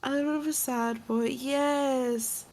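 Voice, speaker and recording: A woman's voice: sits high, steady tone, a little slow, a little mellow. A woman chatting casually on a gaming stream, playful and teasing. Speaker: collab partner. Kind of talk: casual live-stream chat.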